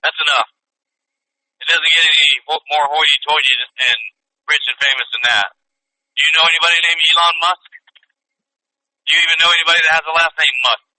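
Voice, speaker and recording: A man's voice: fairly high pitch, flat delivery, fairly quick, pauses often, sharp tone. A man co-hosting a podcast in casual banter, sarcastic and teasing, often laughing at his own jokes. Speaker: podcast co-host. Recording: dry, phone-like call audio.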